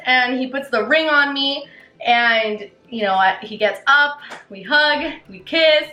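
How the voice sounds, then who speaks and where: A young woman telling her story to camera in a casual, excited and gushing way, full of "you know" and "like". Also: high-pitched, a little slow, echoey room, low-quality recording. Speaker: vlogger.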